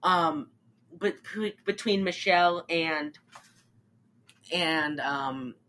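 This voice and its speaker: A woman's voice: low voice, drawn-out words. A woman in casual chat, animatedly recapping a film and acting out the lines with laughs. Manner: animated, acts out lines in funny voices, laughs often. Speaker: podcast co-host recapping a film.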